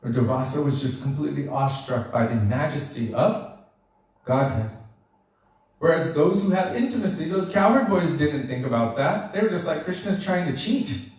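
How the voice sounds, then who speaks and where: A man giving a devotional storytelling lecture, animated and acting out the characters as he goes. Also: a little high, moderate pace. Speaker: devotional speaker. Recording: very echoey room, voice far from mic.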